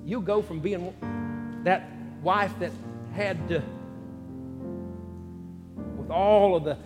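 Earnest male pastor in a reverberant hall. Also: sits high. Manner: earnest preaching cadence, phrases broken by pauses. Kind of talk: sermon with spoken prayer. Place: church sanctuary. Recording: reverberant church hall with guitar music underneath. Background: soft guitar music.

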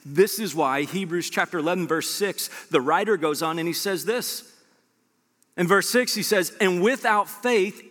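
A man preaching a sermon as pastor, animated and conversational with joking asides to his church. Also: fairly high pitch. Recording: long reverb of a large hall.

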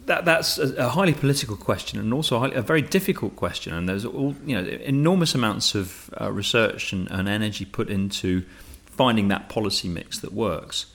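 Low-voiced man hosting. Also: brisk, vocal fry, hardly any pauses, fairly bright tone. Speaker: podcast host. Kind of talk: casual political discussion.

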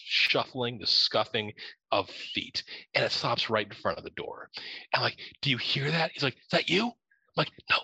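Young man from Ohio, animated storyteller, bright tone, dry sound. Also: lowish voice, breathy edge, no room sound, low-quality recording. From Ohio, USA. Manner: animated, laughing, acts out his own lines.

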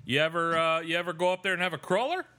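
A man putting on a Canadian accent to voice a folksy, cheerful Canadian man who drawls in a high, sing-song way. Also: quick pace, pushed and bright. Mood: chipper. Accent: put-on Canadian.

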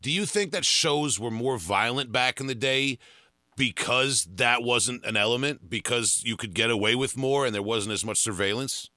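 A man's voice: medium pitch, normal speed, pushed and bright, no echo, studio quality. A man hosting a podcast, asking laid-back questions with frequent restarts. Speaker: podcast host. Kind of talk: casual interview.

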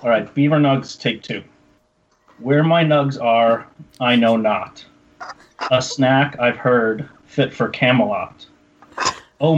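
A man's voice: medium pitch, muffled recording, a little hiss or hum. A man co-hosting a podcast, reading a silly poem in a mock-serious way and breaking into giggles. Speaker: podcast co-host. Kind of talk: casual chat, comic poem reading.

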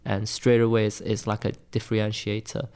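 A lightly accented Welshman, a graphic designer appearing as an interview guest, tells stories briskly in a lowish, monotone voice that's a little mellow and clean in tone. His casual talk is full of "like" and "man."

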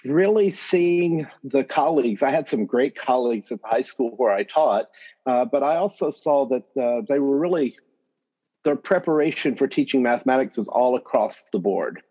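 A man from Northwest North Carolina with a North Carolina accent, a guest telling his story in a podcast interview in a relaxed, chatty way. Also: mid-range voice, normal speed, muffled recording. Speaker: guest, math education professor.

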